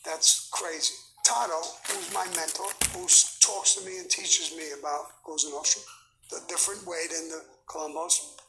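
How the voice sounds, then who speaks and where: A man's voice: on the high side, moderate pace, slight background noise, poor audio. A man in his seventies, a guest in an interview, telling blunt, profane stories with lots of energy. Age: 70s. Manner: profane, blunt, animated storyteller. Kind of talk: candid storytelling interview.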